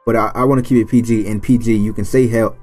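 A man's voice: fairly low pitch, fairly even intonation, fast talker, darkish tone, soft background music. A man hosting a gaming channel, reading a visual novel aloud with joking commentary and stumbling over character names. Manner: playful, stumbles over names and jokes between lines.

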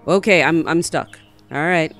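A woman's voice: deep voice, unhurried, soft background music. A woman hosting a casual let's play, chatting as she explores a game and squealing when she spots creatures. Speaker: gaming channel host.

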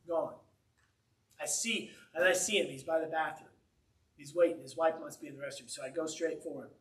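High-voiced man preaching in an echoey room. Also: brisk, recorded from a distance. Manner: animated, conversational storytelling with humor. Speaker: pastor. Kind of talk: sermon storytelling. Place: church sanctuary.

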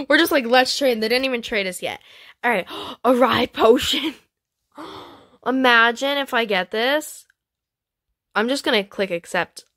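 A woman hosting a gaming channel, chatting excitedly as she trades in a game, with frequent gasps and squeals. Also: a little high, a little slow, long pauses, no room sound, clean studio sound. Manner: chatty, talks to viewers and other players. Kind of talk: playing a trading game while commenting casually.

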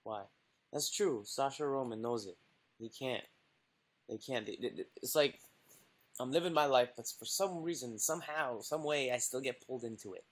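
A man's voice: mid-range voice, moderate pace. A man talking on a livestream clip, self-pitying and pleading. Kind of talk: livestream talk played as a clip.

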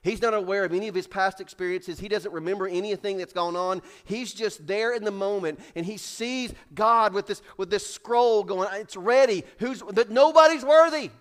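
A male pastor with a high-pitched voice and a drawl delivers a sermon in a church sanctuary. He swings from raised, acted-out voices down to quiet, weighty lines, and he repeats key phrases for effect. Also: steady tone, moderate pace, hardly any pauses, clean tone. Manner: preaches with rising, shouted dramatic build-ups and hushed drops; acts out characters in raised voices.

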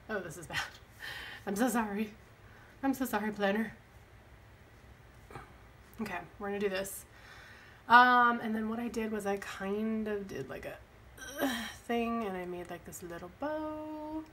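A woman's voice: mid-range voice, sharp tone, slight background noise. A young woman with a light lilt, chatting and rambling as she decorates her planner, often laughing at her own mistakes. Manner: rambling, chatty, self-deprecating. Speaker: planner vlogger. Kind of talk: casual chat while planning.

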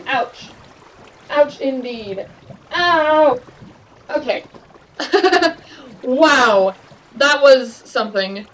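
Young woman, high bright voice, jumpy let's-play talker, faint hum behind her. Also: rough recording. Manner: jumpy, exclaiming, talks to game creatures. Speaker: gaming video creator. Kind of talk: casual let's-play commentary. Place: home room at a desk. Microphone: desk webcam mic.

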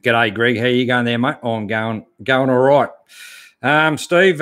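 A man's voice: mid-range voice, normal speed, a bit bright, clear, resonant tone. Easygoing Australian man chatting live. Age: 50s. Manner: easygoing, lots of fillers and "mate". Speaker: channel host reading live chat. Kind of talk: casual live-stream chat.

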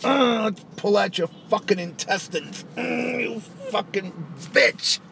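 A man's voice: sits high, slow, creaky, pushed and bright, a little hiss or hum. A man who raps, hosting a casual live stream and ranting back at viewers' comments, profane and taunting, laughing often. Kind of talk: casual live-stream rant answering chat.

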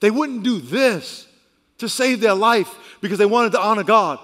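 A middle-aged man, a pastor, preaching a sermon with lively swings between loud and hushed delivery. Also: high voice, moderate pace. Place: large church hall. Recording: reverberant church hall.

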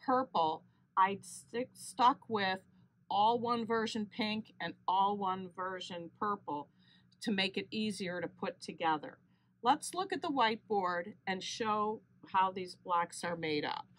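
A woman hosting a quilting channel, explaining each sewing step calmly and correcting herself now and then. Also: medium pitch. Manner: steady step-by-step explaining with small self-corrections. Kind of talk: unscripted sewing tutorial.

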